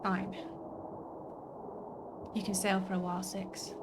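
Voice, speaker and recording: A woman reading the lines of a cynical, sharp-tongued young explorer in a story game, with a dry, sarcastic manner. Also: medium pitch, level tone, slow pace, very noisy, natural voice. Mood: sardonic.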